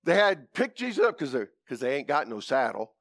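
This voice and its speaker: A man preaching a folksy, animated sermon, with whoops and asides to the congregation. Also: mid-range voice, brisk, dry recording, studio quality.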